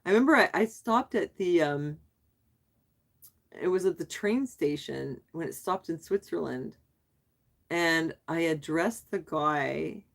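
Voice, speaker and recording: A middle-aged woman hosts a relaxed livestream, reading viewer comments and answering them in an easy, chatty way. Her voice sits a little low for a woman, and she often fires questions back at her viewers and breaks into laughter. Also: vocal fry. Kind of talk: casual live chat.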